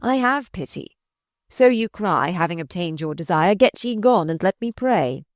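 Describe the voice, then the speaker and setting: A woman reading aloud voices a sardonic, malicious older male courtier who mocks in slow, drawn-out phrases. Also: lowish voice, expressive, no room sound, clean studio sound, natural voice. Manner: mocking, drawn-out.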